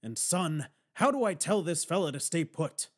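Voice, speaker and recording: A stubborn, commanding man in his nineties who growls and shouts his orders, as a male narrator acts him out. The voice sits fairly high for a man, with a lively swing in its pitch. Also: normal speed. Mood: gruff.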